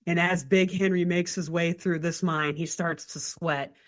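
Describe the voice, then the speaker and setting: A woman co-hosting a podcast, retelling a cartoon episode in casual chat with animated storytelling and lots of filler words. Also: fairly low pitch, a little slow. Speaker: podcast co-host.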